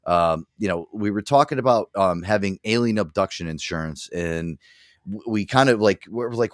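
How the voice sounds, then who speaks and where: Deep-ish male show host, dry close sound, chatty and rambling. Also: normal speed, no echo. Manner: rambling, many fillers and restarts, laughs a lot. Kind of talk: casual chat.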